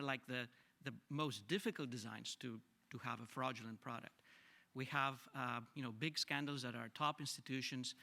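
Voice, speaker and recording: Bright-voiced man speaking frankly on a panel. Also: medium pitch. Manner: hesitant, frank, with many fillers. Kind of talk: panel discussion.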